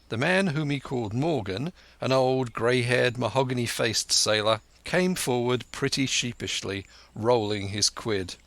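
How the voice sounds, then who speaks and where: A man reading a classic adventure novel aloud in measured, scripted narration. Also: medium pitch, fairly bright tone, no echo. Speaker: audiobook narrator.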